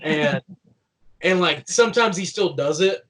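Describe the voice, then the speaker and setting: A young professional wrestler from Kentucky with a country twang and a slightly high, fairly bright voice chats as an interview guest, animated and a little slow. He rambles through stories full of "like," laughing as he goes, and the audio is poor.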